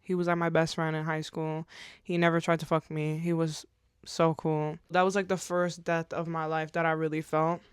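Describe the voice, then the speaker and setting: A woman's voice: deep voice, little pitch movement, moderate pace, clean tone, no room sound, studio quality. A woman in her twenties talking candidly to camera in a vlog, rambling, slangy and swearing, tearful at times. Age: 20s. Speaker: vlogger.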